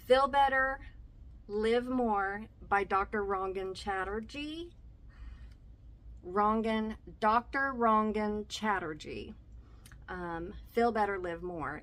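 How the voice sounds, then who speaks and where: A woman's voice: mid-range voice, a bit bright. A middle-aged woman in a casual vlog, talking hesitantly with frequent ums and repeated phrases. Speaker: vlogger. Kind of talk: casual vlog talk recommending podcasts.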